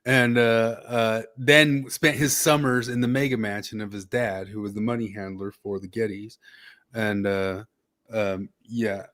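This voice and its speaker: A man's voice: fairly low pitch, fairly even intonation, measured pace, fairly bright tone. A man hosting a casual political chat, rambling along and sometimes losing his train of thought. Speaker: podcast host.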